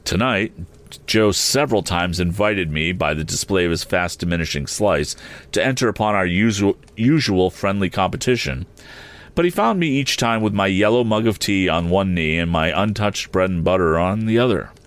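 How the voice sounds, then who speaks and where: A man narrating a classic novel as an audiobook, in a measured, steady storytelling manner. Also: low-pitched.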